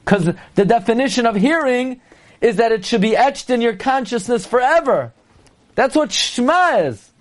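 A man with a high voice teaches a class on prayer. He tells stories and keeps slipping in Hebrew and Yiddish terms. Now and then he breaks into loud exclamations. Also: animated, moderate pace. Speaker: Torah teacher.

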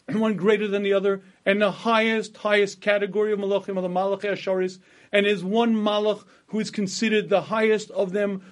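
A man giving a sermon, retelling a Midrash slowly and deliberately, quoting Hebrew lines and translating each one, with frequent throat-clearing. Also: high voice. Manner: quotes Hebrew text then translates line by line. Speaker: Torah teacher.

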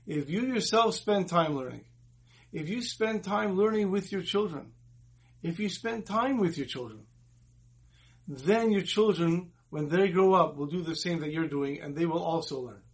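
A man's voice: high voice, expressive, measured pace, slightly rough. A man giving a Torah talk as a sermon, earnest, moving between teaching and retelling a story with its dialogue.

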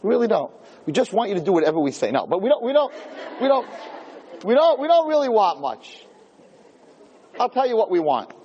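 Animated man lecturing in an echoey hall. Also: sits high, brisk, long pauses, breathy edge, dull audio. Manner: animated storyteller, acts out scenes. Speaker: lecturer giving Torah classes. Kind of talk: humorous lecture to an audience.

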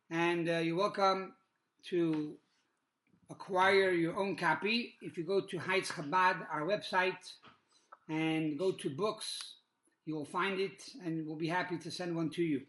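A man teaching a Torah class in a sermon style, telling stories at a measured pace with pauses, fillers and Hebrew religious terms. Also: sits high, steady tone, fairly bright tone.

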